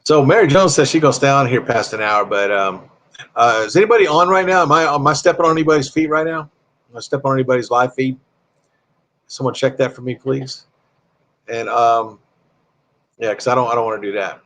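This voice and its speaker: A man's voice: medium pitch, fairly quick, fairly bright tone. A man hosting a casual live stream, rambling and reading viewer comments aloud in a friendly, chatty way.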